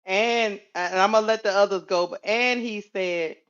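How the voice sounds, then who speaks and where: A woman's voice: mid-range voice, a little slow, fairly bright tone. A woman co-hosting a casual panel talk, retelling with mocking emphasis. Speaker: co-host. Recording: dull lo-fi sound.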